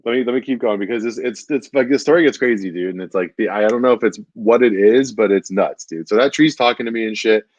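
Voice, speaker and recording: A low-voiced man spinning a long, rambling anecdote full of "like" and "dude". The sound is dry and close, with no room to it. The recording is dull and lo-fi. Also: quick pace, hardly any pauses, no echo. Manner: rambling, says "dude" constantly, many fillers. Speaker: stand-up comedian. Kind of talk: casual chat, storytelling.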